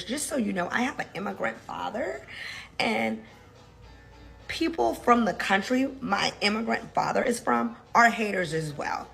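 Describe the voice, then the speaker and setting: An American woman co-hosting, giving fast, emphatic opinions in a casual chat. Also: a little high, lively intonation, gravelly, fairly bright tone, faint music behind, low-quality recording. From United States. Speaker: co-host.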